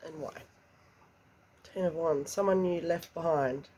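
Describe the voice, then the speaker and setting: A woman giving a slow, hushed tarot reading, emotional and often close to a whisper. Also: sits low. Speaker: tarot reader.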